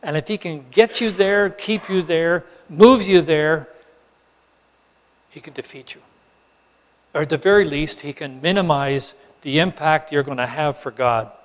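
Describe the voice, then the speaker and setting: A man preaching a sermon, telling the story with animated emphasis and acting out the characters. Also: on the high side, measured pace. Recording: long hall reverb.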